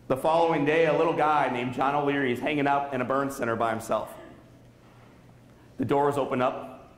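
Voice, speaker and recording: Using a steady, mid-range voice at a fairly quick clip punctuated by long pauses, a Saint Louis-area man in his thirties gives an inspirational school keynote. The motivational speaker recounts a story with drama and quizzes his listeners in the auditorium. The recording carries a hall echo.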